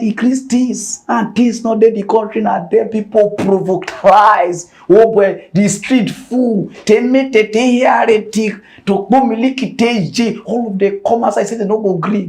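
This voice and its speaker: Male comic news host, Nigerian pidgin accent, high voice, playful whispers and shouts. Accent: Nigerian Pidgin English. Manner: animated, jokey, shifts between whispers and shouts.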